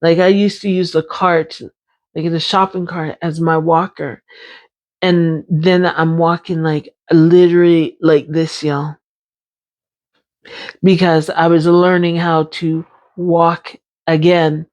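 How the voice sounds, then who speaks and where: A woman's voice: fairly low pitch, little pitch movement, slow pace, darkish tone. A woman, talking candidly and emphatically in a personal vlog, repeating phrases as she goes. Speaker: brain injury survivor sharing her experience.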